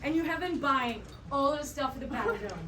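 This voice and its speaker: Brief: young woman, panel host, high voice, loud and playful, echoey hall from far off with a loud crowd. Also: quick pace, heavy background noise. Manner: energetic, playful, often shouting and laughing. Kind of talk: comedic improv convention panel. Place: large convention panel room. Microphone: handheld microphone, at a distance.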